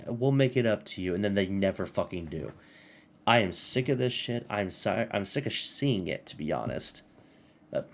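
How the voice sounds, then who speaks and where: A man's voice: on the low side, slight background noise. A young man ranting casually to camera about games, angry and swearing, laughing as he reads aloud. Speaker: gaming commentator.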